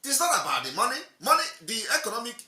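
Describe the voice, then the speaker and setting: A man from Nigeria delivers a combative political monologue, firing off rhetorical questions and repeating his points. His voice is very bright and cutting, with wide, animated swings in pitch. The sound is roomy and echoey. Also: rapid-fire. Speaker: political commentator.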